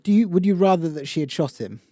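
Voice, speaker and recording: A man co-hosting a film podcast, his voice mellow and dark in tone. He rambles casually and lets his thoughts trail off into softer asides, recorded close and dry with no room around him. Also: fairly high pitch, animated, fast, no room sound. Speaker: podcast co-host. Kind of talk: casual film review chat.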